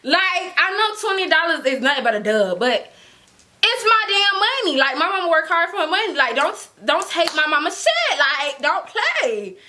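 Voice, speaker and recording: A young woman spins a story to her camera with loose slang and frequent laughter. Her voice sits high and swoops widely, with a sharp, bright edge. She acts out the other people's lines as she goes. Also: normal speed. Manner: animated, slangy, laughs often, acts out quotes. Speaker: storytime vlogger. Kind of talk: casual storytelling.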